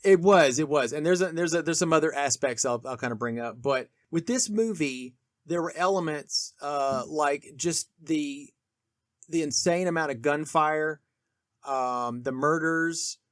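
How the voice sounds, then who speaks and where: Man, slightly high voice, dry close sound, rambling podcast chat with restarts. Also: a little slow, fairly bright tone, dry recording. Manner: rambling, many restarts and fillers. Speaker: podcast co-host. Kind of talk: casual film discussion.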